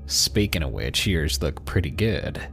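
A man's voice: extremely low pitch, big pitch swings, unhurried, vocal fry, a bit bright, faint music behind, pitched below the performer's own voice, heavily acted. A man voicing a creepy older cowboy in his fifties with a heavy southern accent. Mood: leering.

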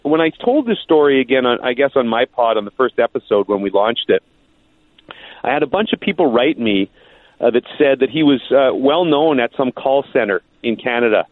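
A man's voice: medium pitch, expressive, a little fast, dry recording. Brief: a male guest storyteller with a wry tone, heard over a thin, dry phone line. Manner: joking storyteller. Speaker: guest, TV sportscaster. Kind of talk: phone-in podcast chat.

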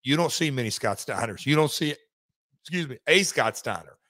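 A man's voice: mid-range voice, animated, normal speed, bright, forceful tone, no room sound. A man being interviewed, telling a long story in a casual, rambling way with many restarts and asides. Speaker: wrestling executive guest.

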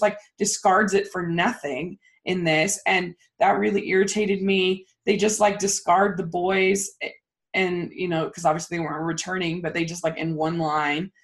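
A woman co-hosting a casual movie review chat, ranting in animated, fast bursts. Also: on the low side. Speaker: podcast co-host.

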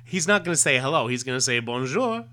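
A man's voice: medium pitch, very animated, fast, bright, forceful tone. A Canadian man co-hosting a podcast, casually reading a comic aloud with fillers and sound effects. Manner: chatty, many fillers, acts out sound effects. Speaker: podcast co-host.

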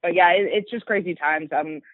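A woman's voice: fairly low pitch, a little fast, no room sound. A woman fighter chatting casually in an interview, rambling with lots of likes and you-knows. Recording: dry, tinny phone-like line.

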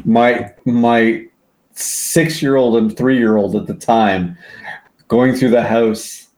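A man's voice: mid-range voice, steady tone, slow, a little mellow. A man co-hosting a podcast in casual chat, rambling with many fillers and restarts. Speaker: podcast co-host.

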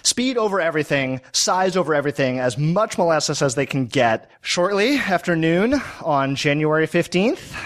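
A man's voice: fairly high pitch, normal speed, hardly any pauses. A man hosting a casual podcast, retelling a history story with lots of fillers. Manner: animated, lively retelling with fillers.

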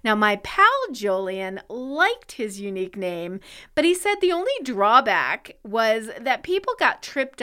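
A woman's voice: on the high side, fairly bright tone. A woman co-hosting a podcast in casual chat, chatty and laughing as she explains. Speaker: podcast co-host.

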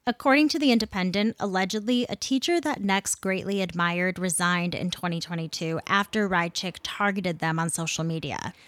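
A woman's voice: on the low side, moderate pace, hardly any pauses, fairly bright tone, no room sound. A woman hosting a podcast, reading news commentary with an earnest, indignant delivery. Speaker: podcast host.

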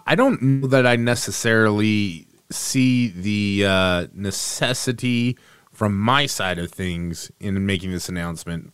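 A man co-hosting a sports podcast over a remote setup, talking casually in a joking, facetious, animated way. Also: fairly low pitch, clean tone, no room sound. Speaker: podcast co-host. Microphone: remote call setup.

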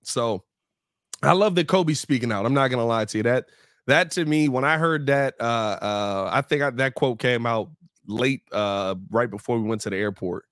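A man co-hosting a sports podcast in a casual, animated way, his voice slightly hoarse. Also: medium pitch, normal speed, dry recording, clean studio sound. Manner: animated, laughs often, reads sponsor ads. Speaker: podcast co-host.

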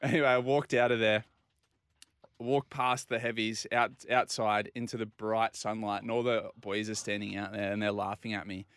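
An Australian man telling a long, animated anecdote on a casual talk show and acting out the other people's lines. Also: lowish voice, normal speed, clean tone, no room sound, studio quality. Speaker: regular guest. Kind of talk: casual storytelling.

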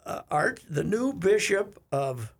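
A man's voice: sits high, very animated, slow pace. A man co-hosting a casual radio talk show, telling rambling stories with many restarts, possibly. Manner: rambling storyteller, frequent "uh" restarts, bursts of laughter. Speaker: radio co-host. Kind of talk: casual chat.

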